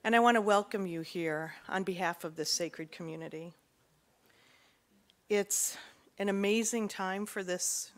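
A woman serving as board president gives halting welcoming remarks at a service, her voice shaky with emotion. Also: on the low side. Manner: halting, with many pauses and fillers.

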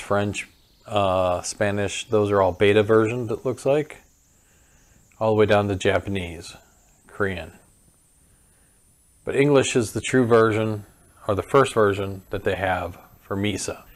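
Man, low voice, casual product demo, easygoing, thinking aloud. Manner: easygoing, thinks aloud while clicking through menus. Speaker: host demonstrating a home robot.

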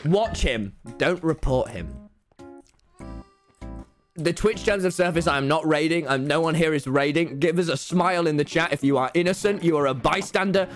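A young man commentating on his own live game stream, excitable, laughing and yelling often and repeating himself. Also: on the high side, moderate pace, soft background music.

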